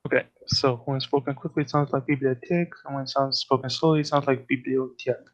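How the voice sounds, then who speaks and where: Man interviewer, mid-pitched, halting with fillers, dry close sound. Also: little pitch movement, dry recording, lo-fi sound. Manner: hesitant, many fillers, repeats words back. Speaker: fieldwork interviewer. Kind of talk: elicitation session, casual.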